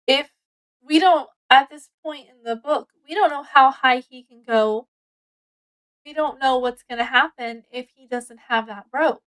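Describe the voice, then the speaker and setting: A woman's voice: on the high side, rough recording. A woman casually reviewing a book, retelling its plot in a rambling way with many ums and self-corrections. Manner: acts out characters' lines with excitement.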